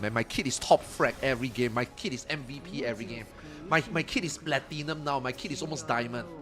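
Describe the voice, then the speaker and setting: A man streaming an online game in casual chat, excitable, swearing freely and repeating himself. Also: on the high side, a little hiss or hum.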